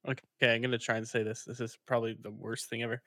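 A man's voice: mid-range voice, level tone, fast, bright, forceful tone, dry recording, studio quality. A man co-hosting a comedy podcast, hesitant and self-deprecating, trying British phrases in put-on accents. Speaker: podcast co-host.

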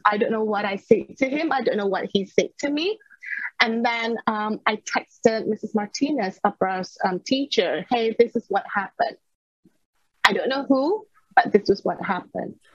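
A woman's voice: mid-range voice, expressive, moderate pace, breathy edge, no echo. A woman in her thirties, a podcast guest, earnestly recounting a personal story in a dull lo-fi recording.

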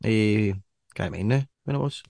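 Scottish man, podcast co-host, rambling casual chat, lowish pitch, dry close sound. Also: normal speed, creaky, darkish tone, dry recording. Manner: rambling with many restarts and fillers.

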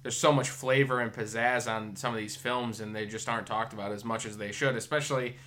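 A man's voice: mid-range voice, steady tone, fairly quick, a bit bright, a little hiss or hum. A man hosting a podcast in casual chat, rambling with lots of fillers and swearing. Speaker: podcast host.

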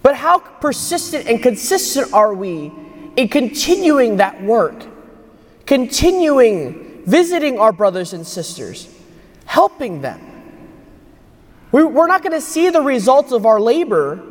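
Young priest preaching in a reverberant church. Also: male voice, extremely high pitch, very animated, unhurried. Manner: earnest storytelling. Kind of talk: homily at Mass.

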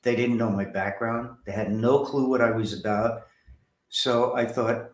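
A man from New Jersey, an author and film director, is a guest in a storytelling interview, recounting episodes from his life and performing the voices of the people in them. His mid-range voice moves a little slowly, and the room has an echo.

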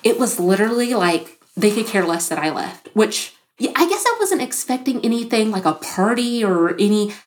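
A woman in her thirties, a podcast guest telling her own story in casual talk, animated, with frequent "like" fillers and acted-out quotes. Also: mid-range voice, normal speed, few pauses. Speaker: podcast guest, business founder.

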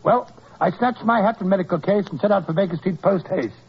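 An actor playing a brisk, proper doctor who narrates and comforts others, in 1940s radio acting. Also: male voice, high-pitched, a little hiss or hum. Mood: narrating. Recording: dull old radio broadcast.

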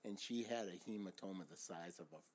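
An older man, a former paramedic, telling stories in an animated way on a casual podcast chat, often laughing. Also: low-pitched, fairly quick. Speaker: retired paramedic, podcast host.

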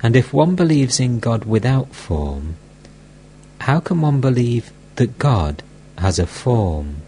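A man's voice: medium pitch, big pitch swings, takes it slowly, dark tone, a little hiss or hum. A man reading the part of a timid married disciple who answers hesitantly and politely. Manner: hesitant, deferential.

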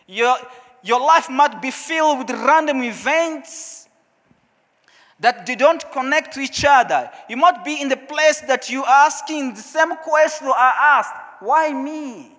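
High, bright-voiced preacher with a Portuguese accent. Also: male voice, measured pace. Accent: Portuguese-speaking African. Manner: storytelling, animated, acts out his own past questions. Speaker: pastor. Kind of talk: sermon. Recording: long hall reverb.

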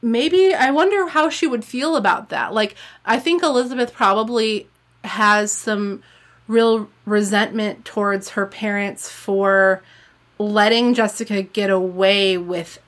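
A woman's voice: medium pitch, measured pace. A woman in casual book discussion, rambling and hesitant, full of "like" and "I don't know". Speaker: book podcast co-host.

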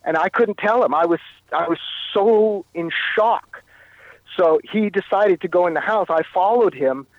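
A Canadian man tells his story as a guest in an interview, halting and often circling back to repeat himself. His voice sits a little high for a man. It comes over a dull, muffled line with no room sound around it. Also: no room sound. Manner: halting, repeats and restarts phrases. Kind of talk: telling a personal story in an interview.

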